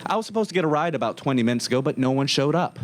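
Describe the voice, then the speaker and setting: A man's voice: a little high, animated, racing, slight background noise, natural voice. A man voicing a polite young woman phoning about a missed ride, in a live told story.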